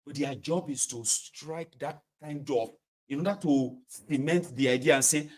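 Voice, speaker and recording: A man's voice: fairly high pitch, moderate pace. Exasperated Nigerian man commenting. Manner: exasperated, mocking, uses pidgin particles. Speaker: political commentator. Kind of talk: casual commentary vlog.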